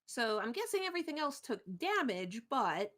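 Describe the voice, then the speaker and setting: A woman's voice: high-pitched, big pitch swings, moderate pace, fairly bright tone. A woman playing a tabletop game, casual and enthusiastic, swearing freely. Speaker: player.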